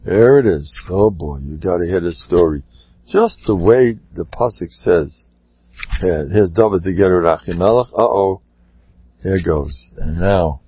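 A man giving a dramatic Torah class, swinging from muttered asides to impassioned shouts. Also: low-pitched, expressive, unhurried, husky, no echo, dull audio. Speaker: Torah teacher.

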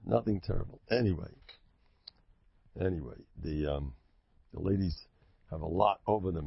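Religious speaker: a man with a husky, gravelly voice, preaching emphatically and cracking jokes. Lo-fi recording. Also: low-pitched, moderate pace, pauses often. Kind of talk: sermon. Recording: lo-fi dull recording.

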